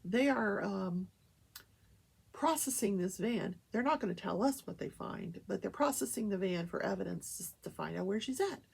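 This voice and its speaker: A woman's voice: medium pitch, animated, normal speed, creaky, darkish tone, slightly rough. An older woman hosting a casual talk show, telling a story animatedly and acting out the quoted voices.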